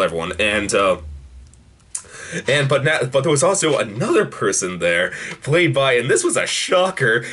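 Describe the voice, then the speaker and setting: A man giving a casual spoken review of a TV episode, excitedly retelling scenes in a rambling way with frequent restarts. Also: fairly low pitch.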